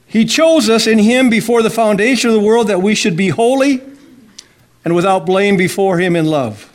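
A man's voice: high-pitched, normal speed. A male pastor preaching a sermon in church on a corded mic, fervent and coaxing the congregation to answer back. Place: church sanctuary. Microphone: corded handheld mic.

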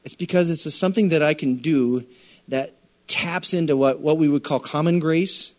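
Animated male pastor preaching conversationally. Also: a little high, normal speed. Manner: conversational, animated storytelling with quoted voices. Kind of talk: sermon.

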